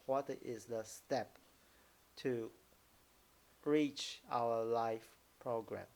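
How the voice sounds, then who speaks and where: A man with a Mandarin Chinese accent teaching a live online lesson, halting, restarting phrases and demonstrating tones out loud. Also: medium pitch, steady tone, gravelly. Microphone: computer mic, video call.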